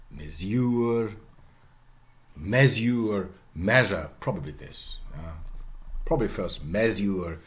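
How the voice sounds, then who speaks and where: Slow, lively-pitched male lecturer. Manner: checks in with "yeah?" and "okay?", repeats example words many times. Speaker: university lecturer. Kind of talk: university lecture.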